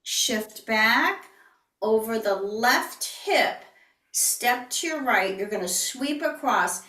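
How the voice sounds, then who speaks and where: A woman teaching tai chi in an online class, calmly cueing each step and breathing out whispered healing sounds. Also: fairly high pitch, takes it slowly, far from the mic. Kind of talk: online movement class instruction. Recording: echoey room, voice heard from off the mic.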